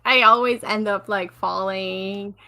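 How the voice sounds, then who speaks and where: A woman guest in a casual talk show chat, animated and playfully protesting. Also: mid-range voice, slow pace, vocal fry, crowd noise. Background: faint background music.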